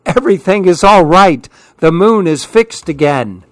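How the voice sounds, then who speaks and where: A man voicing a small, frightened young male monkey with high, panicky cries in a storybook. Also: lively intonation, a little slow, no echo. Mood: frantic.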